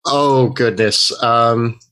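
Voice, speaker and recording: A man's voice: medium pitch, steady tone, drawn-out words, bright, forceful tone, slight background noise. A man playing a character in a tabletop game, describing his moves and thinking aloud. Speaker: player.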